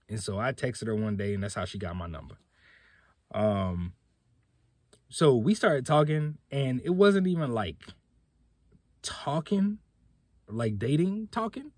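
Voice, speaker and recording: A man's voice: fairly low pitch, moderate pace, long pauses, no echo, studio quality. A young man hosting a podcast, telling a personal story in a laid-back, slangy way. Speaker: podcast host. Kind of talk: casual storytelling.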